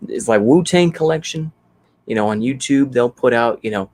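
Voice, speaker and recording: This is a channel host from Texas, a man whose mid-range, slightly mellow voice moves with lively intonation at a moderate pace. On his livestream he chats easily, reacting to comments, thinking out loud, and filling gaps with plenty of fillers as he rambles.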